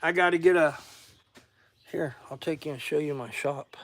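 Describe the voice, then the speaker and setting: A tired middle-aged man from Florida with a Southern accent hosts an outdoor livestream from his garage workshop, chatting casually and rambling while greeting viewers by name. His voice is on the high side, with a moderate pace and long pauses.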